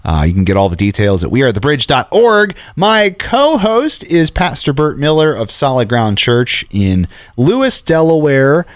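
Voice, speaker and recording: A man hosting a casual faith podcast, playful and quick to laugh. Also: medium pitch, sing-song, dry recording, studio quality. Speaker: radio host and podcast co-host. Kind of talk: casual chat.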